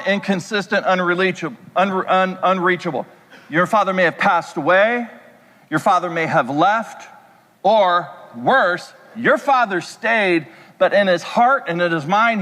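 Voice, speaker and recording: High-voiced preaching man in an echoey hall. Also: sharp tone. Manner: conversational preaching with rhetorical questions. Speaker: pastor. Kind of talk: sermon.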